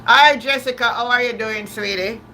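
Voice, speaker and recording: Lady chatting live to her viewers, bright tone, keeps repeating herself. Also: on the high side, moderate pace, slight background noise. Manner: chatty, repeats and restarts words, laughs often. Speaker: livestream host. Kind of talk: casual live-stream chat.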